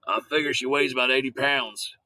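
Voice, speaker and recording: A plain-spoken farmer father, voiced by a man reading a storybook. He talks in an everyday, bright voice with a hesitant, apologetic edge. The sound is dry and close. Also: mid-range voice, fairly even intonation, brisk, no echo, low-quality recording.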